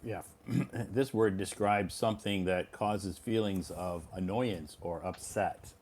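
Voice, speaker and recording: A man with a somewhat low voice hosts a live online pronunciation lesson. He talks in a relaxed, chatty way and reacts to what viewers write in. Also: slow. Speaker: English teacher hosting a live stream.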